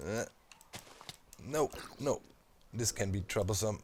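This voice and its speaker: A man's voice: on the low side, lively intonation, measured pace. A man casually commenting while he builds in a video game, thinking aloud with many fillers and asides. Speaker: Minecraft let's player.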